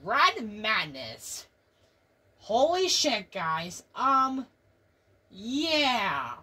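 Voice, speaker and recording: A woman's voice: medium pitch, big pitch swings, very slow, sharp tone, slightly rough. A woman doing reaction commentary, jumpy and exclaiming, swearing often. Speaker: video reactor. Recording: distant mic with music behind. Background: music.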